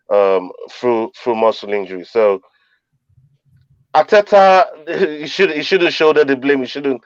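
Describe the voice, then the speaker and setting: A man on a podcast panel talking football in casual chat, measured and hesitant, with plenty of restarts. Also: mid-range voice, no echo. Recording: dull dry lo-fi mic.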